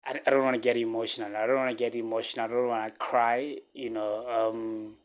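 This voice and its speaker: A man from Africa, telling a personal story to his viewers in halting speech full of fillers, restarts and repeated phrases. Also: mid-range voice, flat delivery. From South Africa. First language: a local South African language. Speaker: vlogger.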